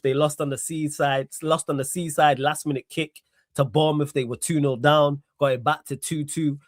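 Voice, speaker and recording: A man hosting a live football talk stream, energetic and full of street-slang shout-outs to his viewers. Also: a little high, dry recording, studio quality. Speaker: host.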